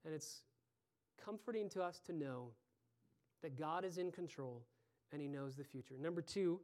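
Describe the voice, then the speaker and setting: A man's voice: high voice, quick pace, a little mellow. A man preaching an earnest sermon as pastor, building to pleading emphasis.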